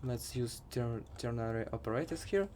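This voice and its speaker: A man's voice: mid-range voice, normal speed, darkish tone, a little hiss or hum. A young man with a Russian accent, talking through code in a live programming tutorial with dry joking asides. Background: keyboard typing.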